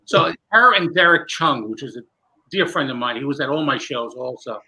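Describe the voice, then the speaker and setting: A man, a magician guest, telling a long animated story with many restarts in a candid interview. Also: medium pitch, moderate pace, rough recording.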